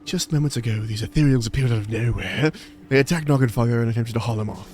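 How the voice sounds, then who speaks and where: A stern quest-giver from a fantasy game speaks in a put-on British accent, as a male streamer reads his lines aloud. The accent wobbles in a self-mocking way, with a voice of middle pitch. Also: quick pace, a little mellow, a little hiss or hum, natural voice. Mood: grave.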